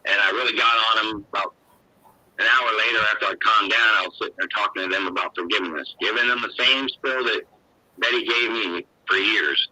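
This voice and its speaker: A man's voice: lowish voice, fairly even intonation, fairly quick, pushed and bright, no echo, poor audio. An older man telling a long personal story in a rambling, emotional, folksy way, full of "you know". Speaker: guest.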